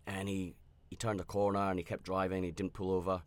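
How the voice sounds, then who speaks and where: A man's voice: low voice, level tone, a little fast, a little mellow, no room sound. A man hosting a podcast, telling a personal story in a rambling, candid and reflective way, with frequent restarts and fillers. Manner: reflective and self-aware. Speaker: podcast host.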